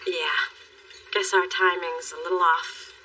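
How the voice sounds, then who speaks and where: A woman's voice: lowish voice, level tone, a little slow, pushed and bright, far from the mic, a little hiss or hum. An actress playing a wry, self-mocking young woman in a sitcom. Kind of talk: sitcom acting.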